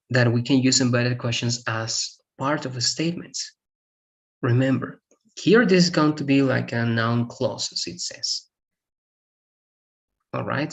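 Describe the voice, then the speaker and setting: Male English teacher, Spanish native speaker, patient step-by-step explainer, mid-range voice. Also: mid-range voice. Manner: explains step by step, checks in with "right?" often. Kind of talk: online grammar lesson.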